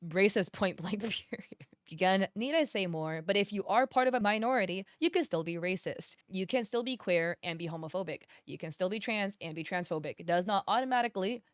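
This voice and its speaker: A woman's voice: mid-range voice, lively intonation, brisk, no echo, studio quality. A woman giving drama commentary, blunt and exasperated, who swears freely and explains at length. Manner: explains at length, rising emphasis. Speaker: commentary youtuber.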